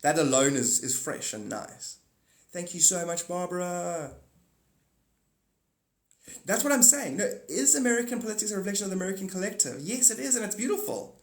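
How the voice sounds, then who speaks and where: A man hosting a live stream, talking in a rambling monologue, animated and swinging between loud outbursts and muttered asides. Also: sits high, fairly quick, reverberant.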